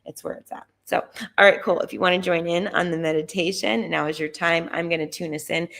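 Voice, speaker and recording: A woman's voice: on the low side, steady tone, fairly quick, vocal fry, a bit bright. A woman who is a holistic doctor, leading a live Kundalini yoga class with casual, chatty instructions and rhythmic chanting.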